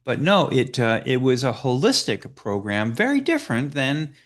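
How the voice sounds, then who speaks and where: Lively-voiced man coaching with many uh's. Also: medium pitch, normal speed. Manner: hesitant, frequent "uh" fillers and restarts. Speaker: business coach. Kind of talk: slide presentation.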